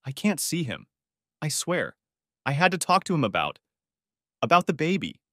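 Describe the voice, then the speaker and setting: A young adult daughter, pleading and defensive, her voice raised high with wide swings in pitch, as a male reader puts her on. She sounds tearful at times. The sound is dry and close. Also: lively intonation, moderate pace, dry recording, close to an everyday voice. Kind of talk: audiobook reading.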